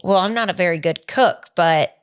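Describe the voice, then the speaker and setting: A woman's voice: on the low side, moderate pace, smooth. Middle-aged woman, podcast co-host, casual chat, rambling and chatty. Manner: chatty, rambling recounting with teasing asides.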